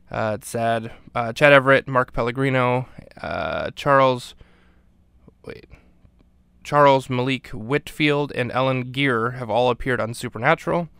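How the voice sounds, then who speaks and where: A man's voice: mid-range voice, smooth, no room sound. A man hosting a podcast, giving a casual, rambling recap of a TV episode with frequent fillers. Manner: relaxed, rambling with many fillers. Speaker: podcast host.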